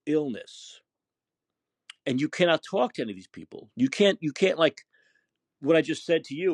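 A man's voice: on the high side, husky, no room sound, clean studio sound. A man hosting a call-in podcast, ranting with passion and repeating himself for emphasis. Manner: impassioned, repetitive ranting. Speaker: podcast host. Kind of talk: call-in talk show.

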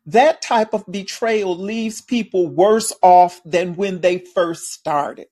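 A woman on a podcast laying out a political argument in a measured, deliberate way. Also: lowish voice, mellow. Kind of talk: political commentary.

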